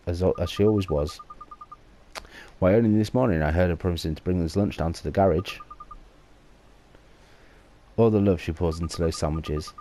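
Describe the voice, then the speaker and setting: Give me a fussing, gossipy old woman neighbour with a deep mellow voice, done by a man reading game text. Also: a little hiss or hum.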